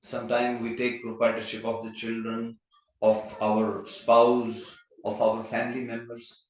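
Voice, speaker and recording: A man's voice: medium pitch, completely flat delivery, unhurried, a little hiss or hum. A man giving a conversational scripture class, telling stories and mixing Sanskrit terms into plain talk. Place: temple hall. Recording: echoey hall, muffled sound.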